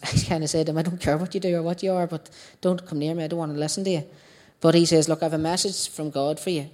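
Low-voiced Northern Irish woman telling a testimony. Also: a little mellow. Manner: chatty storytelling, quoting her own past dialogue. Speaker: speaker giving a testimony. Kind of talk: personal testimony to a church group.

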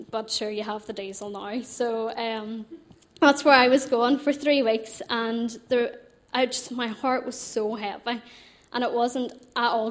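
Young Northern Irish woman, personal testimony, animated and chatty, slightly high register. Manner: animated, chatty, laughs often.

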